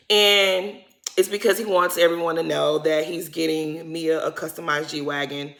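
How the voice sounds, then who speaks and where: Gossipy woman with a gravelly voice. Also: deep voice, fairly even intonation, normal speed, fairly bright tone. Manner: gossipy, opinionated, acts out quotes with slang. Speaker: reality TV recap vlogger. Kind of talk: casual show recap.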